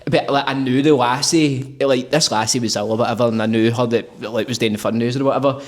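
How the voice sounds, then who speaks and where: A man with a Glaswegian accent hosting a podcast, full of matey banter and quick to laugh. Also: medium pitch, steady tone. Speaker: podcast host. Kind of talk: casual chat.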